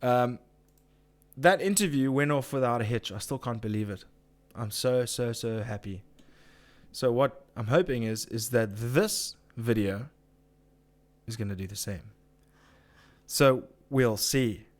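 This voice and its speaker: A man's voice: mid-range voice, measured pace. Man, live-chat host, casual, ranting, reads viewer comments.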